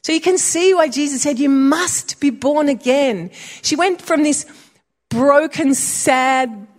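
A woman preaching, telling a friend's conversion story with animated energy and laughter. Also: high-pitched, slow. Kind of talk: sermon storytelling.

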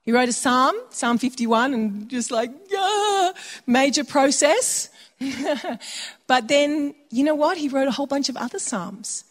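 A woman's voice: sits high, animated, unhurried. A woman preaching a sermon in a conversational way, slipping into quoted voices for little asides. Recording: long hall reverb.

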